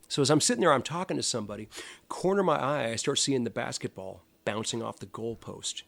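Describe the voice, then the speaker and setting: A man, a guest musician, telling animated stories in a casual chat. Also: mid-range voice, fast talker, gravelly, dry recording. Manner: animated storyteller, acts out quotes.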